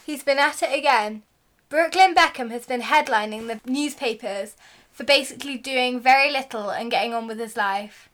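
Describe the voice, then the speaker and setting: A woman's voice: high voice, moderate pace, fairly bright tone, slight background noise. A woman co-hosting a podcast in casual chat, answering listeners with playful, sarcastic teasing. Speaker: podcast co-host.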